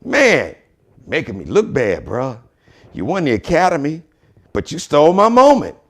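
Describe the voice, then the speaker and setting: A man's voice: fairly high pitch, huge pitch swings, moderate pace, exaggerated voice. A man putting on an impression of an indignant older father who scolds a younger man in an exasperated, lecturing way. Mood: scolding.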